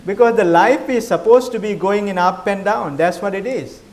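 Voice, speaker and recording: High-voiced monk giving a questioning dharma talk. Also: male voice, moderate pace, a little mellow. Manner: questioning, conversational, non-native phrasing. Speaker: Buddhist monk teacher.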